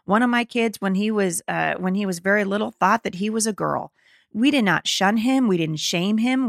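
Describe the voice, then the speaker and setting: Woman, middle-aged, podcast host, gravelly fry in the voice, dry close sound, indignant emphatic commentary. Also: fairly high pitch, normal speed, dry recording. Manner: indignant and emphatic, with stumbling restarts. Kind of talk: opinion commentary, reading an article aloud.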